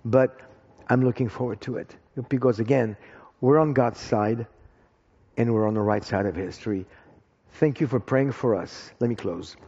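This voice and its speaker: A man speaking as a guest in a church, telling an animated, excited story and then praying. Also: mid-range voice, normal speed, slightly rough. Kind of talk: testimony and prayer in church. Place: church hall. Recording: dull echoey hall sound.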